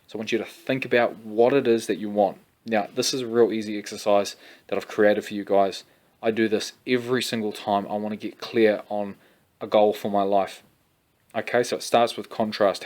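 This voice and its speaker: A man's voice: on the low side, darkish tone. A young adult man, presenting a fitness course energetically and repeatedly addressing viewers as guys. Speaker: fitness coach.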